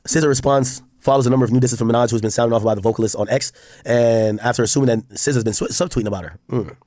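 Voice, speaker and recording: Fast-talking blunt male streamer. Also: mid-range voice, a little mellow, dry recording, studio quality. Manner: blunt, profane, reads posts aloud and reacts. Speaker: streamer reacting to news. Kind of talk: casual livestream commentary.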